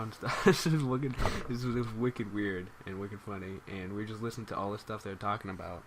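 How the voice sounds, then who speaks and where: A man's voice: fairly low pitch, fairly even intonation, moderate pace, noisy background. Rambling New guy telling a story. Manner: rambling, amused. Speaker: gaming YouTuber. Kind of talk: casual storytelling commentary.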